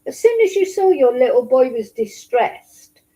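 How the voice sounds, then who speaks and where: A woman's voice: high voice, big pitch swings, a little slow, warm tone, poor audio. A woman giving blunt, indignant casual commentary on a trial report, swearing now and then. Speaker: true crime commentator.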